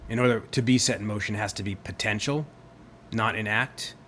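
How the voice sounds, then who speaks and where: A man giving a theology lecture, animated and emphatic, asking his listeners rhetorical questions. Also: lowish voice, a little fast, slight background noise. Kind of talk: recorded lecture.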